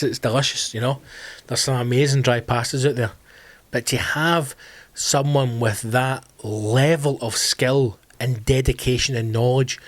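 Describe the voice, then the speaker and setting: A Scottish man with a Glasgow accent, in his thirties, hosting a solo comedy podcast from home, animated, swearing freely and calling his listeners team. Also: medium pitch, dry recording. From Scotland. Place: home during lockdown.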